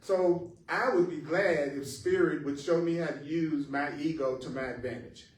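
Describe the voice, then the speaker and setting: A man's voice: a little high, normal speed. Echoey, distant man teaching spirituality. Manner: reflective, plays with emphasis, bursts into song. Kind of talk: spiritual talk with singing. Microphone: live-stream mic at a distance. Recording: echoey room, distant mic, faint music.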